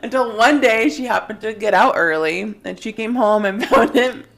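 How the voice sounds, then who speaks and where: A woman in her thirties with a gravelly, fry-touched voice co-hosts a casual podcast. She tells childhood stories animatedly and swears freely. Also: fairly high pitch, normal speed, a bit bright. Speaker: podcast co-host. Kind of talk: casual chat.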